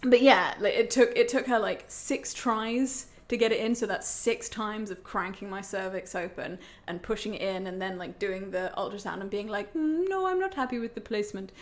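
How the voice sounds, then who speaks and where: A woman telling a story in casual podcast chat, animated and sweary. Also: medium pitch, normal speed, hardly any pauses. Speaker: podcast guest.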